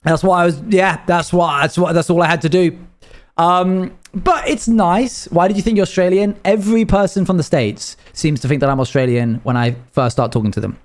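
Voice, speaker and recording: With a high voice and a moderate pace, this UK man chats on a live stream, reading out viewers' messages and answering them in a loose, rambling way.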